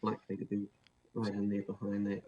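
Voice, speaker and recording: A man's voice: fairly low pitch, completely flat delivery, brisk, mellow, husky. A man with a New Zealand accent, a guest author explaining his ideas with many fillers and restarts. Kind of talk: interview answers. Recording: dull lo-fi sound with faint noise.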